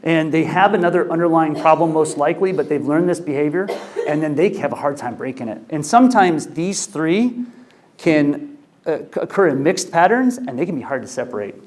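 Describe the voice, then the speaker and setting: A middle-aged man lecturing as a doctor, with a slightly higher pitch than most men. He talks loosely and conversationally, full of ums and false starts. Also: animated, fairly quick, darkish tone, a little hiss or hum. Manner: conversational, many fillers and restarts. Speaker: ENT physician lecturer. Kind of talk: medical lecture.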